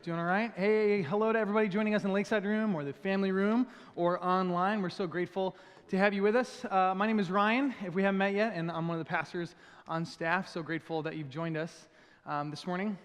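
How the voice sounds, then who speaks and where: A man with a high voice preaches to a church congregation in a casual, joking way. His words ring out with a long reverb from the large room. He keeps an easy, conversational tone throughout. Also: fairly even intonation, fast talker, clear, resonant tone. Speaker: pastor. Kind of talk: sermon. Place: church auditorium.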